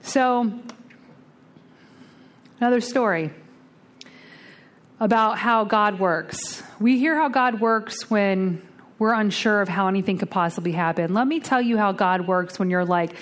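A woman speaking at a twelve-step recovery meeting, telling a blunt, salty story with lively storytelling and acting out the other voices. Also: medium pitch, unhurried, pauses often. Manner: lively storytelling, acts out the voices in her tale; blunt and salty, casual swearing.

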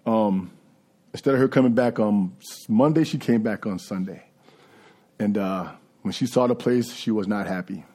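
A man's voice: on the low side, normal speed, warm tone. A man giving a candid, conversational personal recovery testimony. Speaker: recovery speaker.

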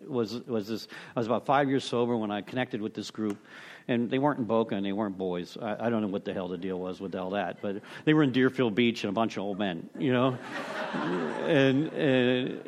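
A man's voice: fairly low pitch, brisk, darkish tone. A middle-aged man sharing at a recovery meeting, rambling through a story with many restarts, "you know"s and casual cursing.

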